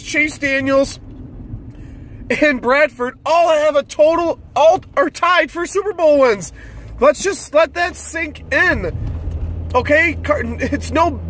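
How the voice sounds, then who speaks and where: A man's voice: very high-pitched, fairly bright tone, a little hiss or hum. A man ranting about football as a fan commentator, irritated and swearing freely. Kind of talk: solo sports rant.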